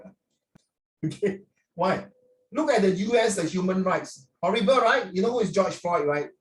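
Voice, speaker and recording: A man's voice: high voice, expressive, normal speed, faint music behind. Older Singaporean man, chatty and lecturing. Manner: chatty, lecturing, Singlish particles. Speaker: teacher. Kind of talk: classroom talk to students. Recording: roomy echo, from far off.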